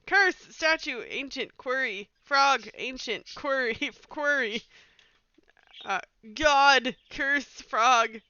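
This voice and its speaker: A streamer voicing a chorus of game frogs that share one mind, speaking in choppy single words broken up by croaks. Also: sits high, slow pace, bright, forceful tone, no echo, highs cut off, full character voice. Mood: croaky.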